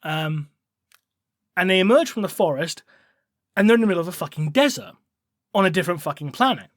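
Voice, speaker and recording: Rambling high-voiced podcast host. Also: male voice, animated, fast talker, dry recording, clean studio sound. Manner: rambling, many fillers and swearing. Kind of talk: casual chat, retelling a novel.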